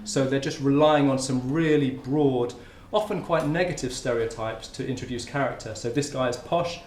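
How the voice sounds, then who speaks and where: A medium-pitched academic keeps a steady tone and a slightly fast pace, pausing only occasionally. His conference talk is informal and conversational, set in a roomy lecture hall with faint ambience and slight background noise.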